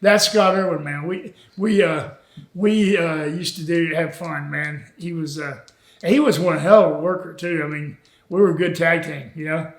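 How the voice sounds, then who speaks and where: A man's voice: on the high side, steady tone, moderate pace, roomy sound. An older man, a retired wrestler, telling road stories in a folksy, chuckling way during a shoot interview. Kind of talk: shoot interview, anecdotal storytelling.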